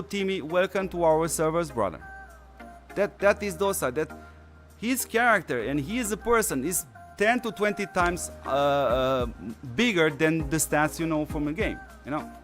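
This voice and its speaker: Brief: male gaming host, losing his voice, loose rambling delivery, slightly high voice, faint background music. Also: moderate pace, fairly bright tone. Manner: rambling, many fillers and restarts. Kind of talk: casual stream commentary.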